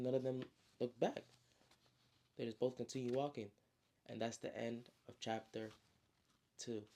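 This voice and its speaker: A man casually retelling his novel in slangy, relaxed speech, full of "you know" fillers. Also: medium pitch. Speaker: storyteller and author.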